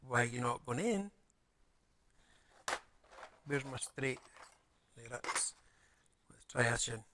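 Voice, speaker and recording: Streamer, male, mid-pitched, mutters through a model build and chats to his viewers. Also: animated, slow, noisy background. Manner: mutters to himself while fiddling with small parts, chatty aside to viewers. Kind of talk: casual live-stream chat while working. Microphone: streaming mic with adjustable audio settings.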